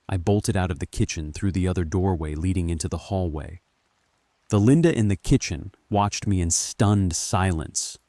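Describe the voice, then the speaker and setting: Deep slow man telling a horror story. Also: dry recording. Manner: calm, measured first-person telling. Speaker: narrator. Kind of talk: scripted horror story narration.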